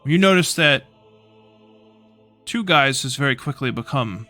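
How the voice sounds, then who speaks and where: A man's voice: medium pitch, lively intonation, unhurried, bright, forceful tone, soft background music. A man narrating a tabletop game as game master in a casual, loose way with frequent swearing. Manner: casual, swearing, hesitant fillers.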